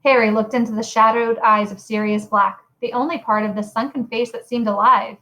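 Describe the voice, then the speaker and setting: A woman with a fairly high voice reads a novel aloud, expressive and animated in her storytelling. Her narration carries the tale along with feeling. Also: a little fast, low-quality recording. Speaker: reader. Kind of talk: audiobook reading of a novel.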